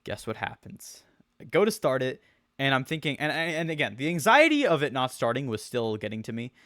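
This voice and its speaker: A man's voice: medium pitch, sing-song, fast talker, a bit bright, dry recording, studio quality. A young man telling a rambling, slangy story with many restarts and swearing, as a streamer. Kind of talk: casual storytelling rant.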